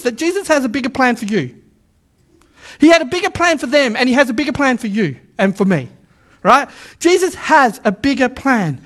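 Preacher, male, very high voice, fired-up sermon delivery that pulls the congregation in. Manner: animated, calls on congregation to repeat lines; stammers restarts, repeats words for emphasis. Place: church service with a live congregation.

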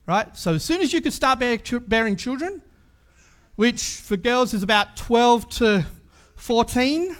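A man preaching a sermon in a chatty way, full of asides and rhetorical questions. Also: high voice.

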